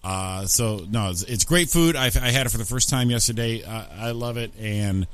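A man's voice: lowish voice, normal speed, fairly bright tone. Man co-host plugging a sponsor. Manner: reads sponsor plugs, welcoming. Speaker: radio show co-host. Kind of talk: casual radio chat.

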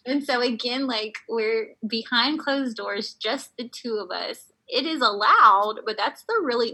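A woman guest telling a personal story in a casual, animated way, laughing often and using lots of fillers. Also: on the high side, normal speed, hardly any pauses, husky, low-quality recording. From United States.

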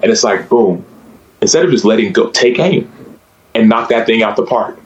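A man who is a former pro athlete and author, a guest telling stories with energy and climbing into a higher voice as he retells them. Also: expressive, moderate pace, lo-fi sound. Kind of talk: animated storytelling in conversation.

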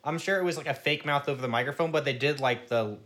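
A man co-hosting a podcast, chatting animatedly about a TV episode and jumping into loud character quotes. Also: mid-range voice, fast. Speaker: podcast co-host. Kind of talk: casual chat recapping a TV episode.

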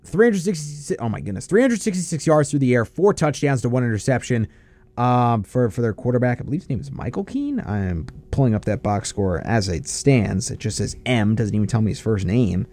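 A man hosting a casual college football talk show, breaking down games with quick asides. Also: mid-range voice. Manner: lively, animated analysis with quick asides.

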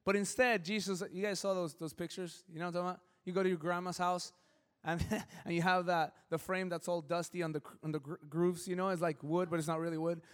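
A fairly high-voiced man preaching a lively sermon in a church, joking with his congregation and slipping into quick quoted voices. His voice rings with a long reverb through the hall. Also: smooth. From Southern California. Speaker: pastor. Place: church sanctuary.

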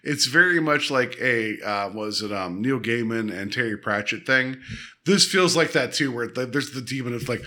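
Bright-voiced man rambling through a recap. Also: medium pitch. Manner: rambling, animated retelling with quick asides. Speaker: podcast co-host. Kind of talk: casual chat.

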